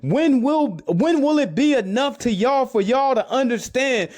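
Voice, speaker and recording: Us guy with a high voice going off on a clip, preachy and urgent, keeps repeating himself. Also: animated, measured pace, a little mellow. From United States. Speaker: commentator reacting to a clip. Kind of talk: preachy social commentary.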